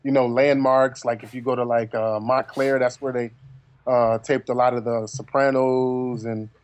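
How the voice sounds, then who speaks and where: A man's voice: mid-range voice, little pitch movement, normal speed, lo-fi sound. A man from New Jersey, a podcast panelist, rambling in casual chat with lots of "you know" fillers.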